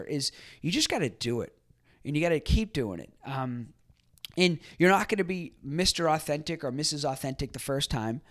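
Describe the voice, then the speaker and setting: A man hosting a podcast, talking casually and reflectively with many fillers and restarts. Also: medium pitch. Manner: acts out quoted people in a livelier voice. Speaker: podcast host. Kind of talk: casual solo commentary.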